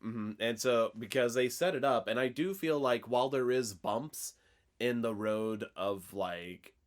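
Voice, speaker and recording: A young man co-hosting a podcast, recapping a film in a relaxed, rambling way. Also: mid-range voice, unhurried. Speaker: podcast co-host. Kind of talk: casual chat.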